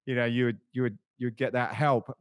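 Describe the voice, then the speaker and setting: A man's voice: medium pitch, flat delivery, a little fast, clean tone, dry recording, clean studio sound. Male podcast host asking questions. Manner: hesitant, stacked restarts before questions. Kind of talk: conversational interview.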